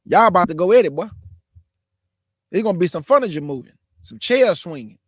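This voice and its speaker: A man in his forties with a high, expressive voice speaks a little fast, captured in a dry, clean studio recording. He's a caller in an online religious discussion, preaching casually and emphatically while addressing people as bro and y'all.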